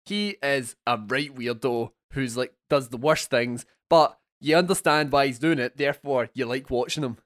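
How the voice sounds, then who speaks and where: A young man co-hosting a casual film podcast, animated and swearing freely. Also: mid-range voice, moderate pace, few pauses, no room sound, clean studio sound. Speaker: podcast co-host.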